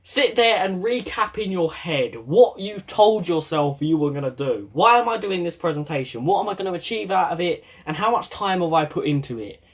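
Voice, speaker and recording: Young guy with a slightly high voice, talking straight to camera, blunt, jokey, swears a lot. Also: expressive, moderate pace, hardly any pauses. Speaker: YouTuber giving advice. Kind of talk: casual advice monologue.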